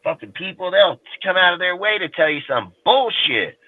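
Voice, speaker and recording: A man's voice: high-pitched, very animated, normal speed, dry recording. A man in casual chat, ranting bluntly and swearing heavily. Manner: profane, blunt, heated. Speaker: roundtable panelist. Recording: tinny, dry call audio.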